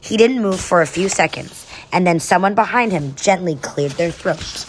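Woman reading a kids story, softish lowish voice, calm. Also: normal speed, a little hiss or hum. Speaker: narrator.

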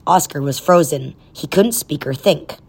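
A woman reading a children's storybook aloud in a soft, even storytelling way. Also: low-pitched, a little slow, slightly rough. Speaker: narrator.

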